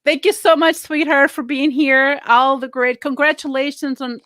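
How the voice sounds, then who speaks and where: A woman's voice: high-pitched, fairly even intonation, normal speed, fairly bright tone, no room sound, clean studio sound. A woman hosting a casual online interview show, chatty and effusive with lots of fillers. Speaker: host.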